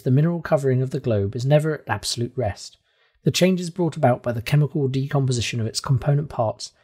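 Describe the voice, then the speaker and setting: A man narrating a classic novel aloud in a steady, measured first-person storytelling manner. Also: medium pitch, husky. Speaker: audiobook reader.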